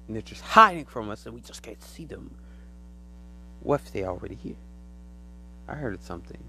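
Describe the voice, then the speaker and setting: A man's voice: fairly low pitch, very animated, normal speed, sharp tone, slight background noise, low-quality recording. A man hosting his own podcast, telling a loose story in casual slang. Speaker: podcast host. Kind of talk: casual solo monologue.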